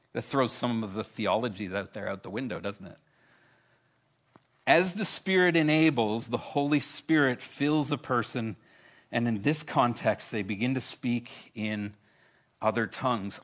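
A middle-aged man preaching a sermon, animated and storytelling, with self-deprecating humor. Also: medium pitch. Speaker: pastor.

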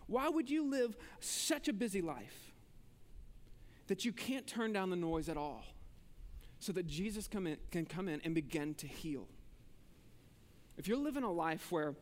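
A man preaching a sermon as pastor, talking conversationally and swinging between emphatic bursts and hushed asides. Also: high-pitched, big pitch swings, unhurried, pauses often, big-room sound.

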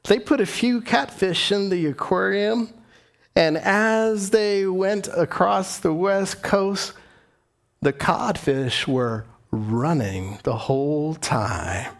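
A man's voice: high-pitched, slow. A middle-aged man preaching a sermon as pastor, earnest and climbing to impassioned emphasis.

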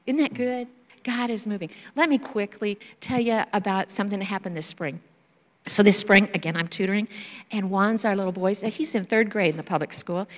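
A woman missionary sharing stories in a church talk, animated and acting out children's voices. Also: mid-range voice, fairly quick. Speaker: missionary speaker. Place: church sanctuary. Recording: reverberant church hall.

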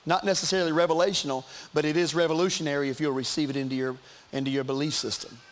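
A man's voice: on the high side, level tone, racing, a little hiss or hum. A man preaching a sermon to his congregation in church, emphatic and repetitive, with asides to the crowd. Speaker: pastor.

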